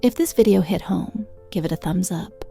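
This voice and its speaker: Woman narrator, gravelly and warm, friendly advice-giving read. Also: on the low side, moderate pace, faint music behind. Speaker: self-help video narrator. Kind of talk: scripted narration.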